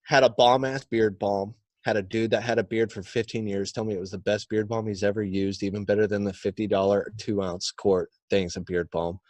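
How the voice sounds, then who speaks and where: A man's voice: on the low side, level tone, a little fast, few pauses, darkish tone, no echo. A young man with a Californian accent, telling a profane, blunt story in casual podcast chat. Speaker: podcast guest.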